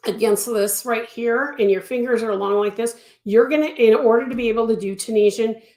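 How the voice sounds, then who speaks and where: A woman's voice: a little high, brisk, a little mellow. A woman teaching crochet in a live-stream tutorial, answering viewers in a chatty way and repeating words for emphasis. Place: home craft studio. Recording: echoey room.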